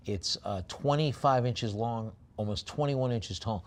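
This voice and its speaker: Male auctioneer, live bid calling. He is halting and filler-heavy on the lot details and snaps into rapid, chanted calls for the bids. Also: lowish voice, darkish tone, slight background noise.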